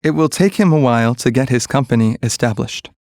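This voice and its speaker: A man reading short English practice sentences one by one, clearly and evenly. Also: medium pitch, no room sound, clean studio sound. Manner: clear, even, measured delivery of single sentences.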